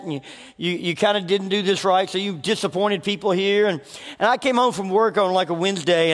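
A man preaching a sermon in a church, telling personal stories in a conversational way with frequent restarts. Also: sits high. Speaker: pastor. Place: church hall. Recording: reverberant hall.

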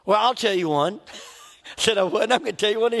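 A man's voice: high voice, fairly quick, creaky, fairly bright tone. A middle-aged man preaching a sermon in a church, conversational and joking at his own expense. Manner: conversational, joking, laughs at himself. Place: church sanctuary. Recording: long reverb of a large hall.

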